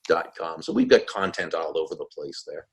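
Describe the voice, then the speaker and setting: A man in his sixties, a guest author in a casual interview, relaxed and trailing off softly at the ends of phrases. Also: rumbling low, fairly quick, vocal fry, breathy edge. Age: 60s.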